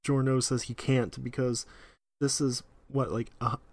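A man's voice: mid-range voice, flat delivery, measured pace, no echo. A man co-hosting a podcast, chatting casually with wry, joking asides. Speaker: podcast co-host. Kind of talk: casual chat recapping an anime episode.

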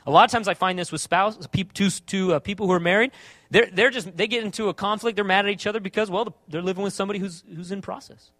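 A man preaching a sermon as pastor, asking the congregation rhetorical questions and swinging between quiet and emphatic delivery. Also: high-pitched, fast talker, no echo.

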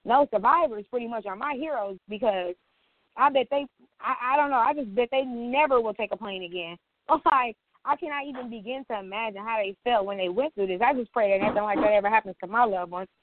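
A woman's voice: on the high side, fairly quick, no room sound. A woman co-hosting a podcast in casual chat, blunt and teasing. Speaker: podcast co-host. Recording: dry, tinny phone-like sound.

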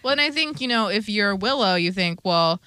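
A woman co-hosting a casual podcast chat, animated and laughing often. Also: mid-range voice, a little fast, smooth, dry recording. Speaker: podcast co-host.

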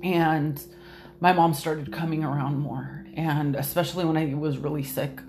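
A woman's voice: low-pitched, fairly even intonation, moderate pace, slight background noise. A woman guest on a podcast telling a personal story candidly, hesitant and restarting often. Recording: soft music behind.

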